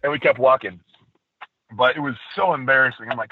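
A man telling lively stories on a podcast, acting out what others said. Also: medium pitch, brisk, breathy edge. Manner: animated storyteller, acts out quotes. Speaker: podcast guest. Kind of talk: casual storytelling. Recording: tinny phone-line sound.

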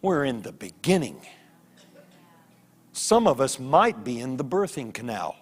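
A man preaching a sermon as a guest preacher, telling stories with lively voiced characters. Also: medium pitch, unhurried, breathy edge. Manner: animated storytelling with voiced characters. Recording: long hall reverb.

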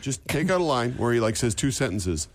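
A man's voice: mid-range voice, very animated, fairly quick. A man co-hosting a podcast, telling a rambling anecdote in casual chat. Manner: anecdotal, repeats lines in put-on old-movie voices. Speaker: podcast co-host.

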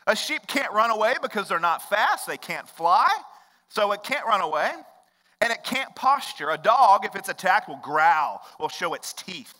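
A young adult man preaching a sermon as pastor, conversational, jumping from loud bursts to hushed low lines. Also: long reverb tail, low-quality recording.

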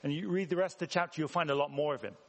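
Speaking rapid-fire with a fairly high pitch, this Englishman delivers a sermon in a church hall full of reverb. His tone is conversational, and he puts questions to the people listening.

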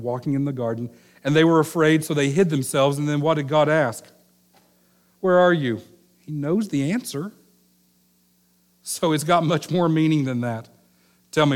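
A middle-aged male pastor preaching a sermon in a conversational storytelling manner, voicing the people in the story. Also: fairly high pitch. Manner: conversational storytelling, acts out quoted lines.

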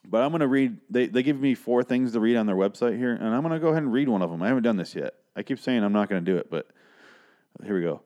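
Mid-range and mellow, this man's voice is animated and quick as he hosts a podcast by himself. In casual chat he recaps a story, rambling, swearing, and playing out the characters.

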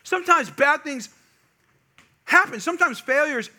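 A middle-aged man preaching a sermon in a church, telling a personal story with animated delivery that builds to loud, emphatic peaks. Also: very high-pitched, moderate pace. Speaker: pastor.

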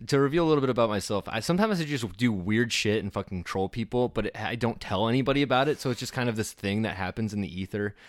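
A man's voice: fairly low pitch, animated, fast talker, hardly any pauses, no room sound. Man, podcast host, comedy storytelling, laughs a lot, dry mic. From Iowa. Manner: storytelling, laughs often, swears. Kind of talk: casual comedy podcast chat.

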